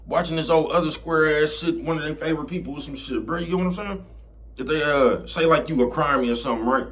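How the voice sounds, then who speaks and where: Here the vlogger's voice sits a little high and moves at a quick pace. He rants to the camera in a relaxed, streetwise way, heats up and gets loud, and keeps checking "you know what I'm talking about."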